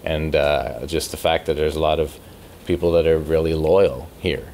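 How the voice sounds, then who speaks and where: A man's voice: a bass voice, flat delivery, normal speed, darkish tone, slight background noise. A man talking casually as an interview guest, rambling with repeated words and easy laughs. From Canada. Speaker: podcast host as interview guest. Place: music store.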